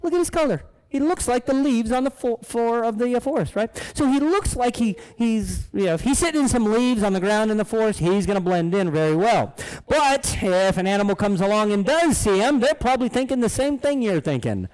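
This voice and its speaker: A man's voice: extremely high pitch, brisk, clear, resonant tone, poor audio. A man presenting live animals to children in a playful, joking way, laughing often. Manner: jokey, animated, talks to kids, laughs often. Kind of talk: playful kids' show presentation.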